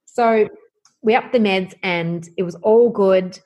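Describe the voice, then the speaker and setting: A woman's voice: medium pitch, slow pace, dull audio. A woman, a guest candidly telling a personal story and acting out the conversations in it. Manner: animated, acts out quoted dialogue. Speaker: guest sharing her story.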